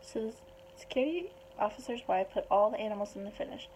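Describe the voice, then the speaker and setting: A woman retelling a picture book story aloud in a chatty, animated way. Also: medium pitch, fast, background noise. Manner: chatty, animated, puts on small voices for the animals.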